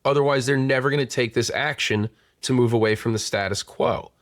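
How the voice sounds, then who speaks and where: A man's voice: mid-range voice, fairly even intonation, a little fast, dry recording. Chatty man with a dry close sound. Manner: rambling, lots of restarts and "like" fillers. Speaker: podcast host and sales coach. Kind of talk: casual conversational interview.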